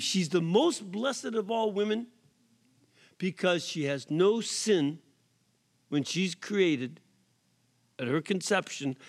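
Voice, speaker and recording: A man preaching as a priest, his voice unusually high for a man. He talks at a slow, unhurried pace, punching single words with sudden rises in volume. At times he drops to a soft whisper for effect. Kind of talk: sermon. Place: prison chapel or hall.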